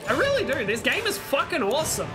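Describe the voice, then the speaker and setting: A woman hosting a let's play, thinking aloud as she plays, excitable and swearing freely. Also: high voice, fast talker, over music. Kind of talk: gameplay commentary.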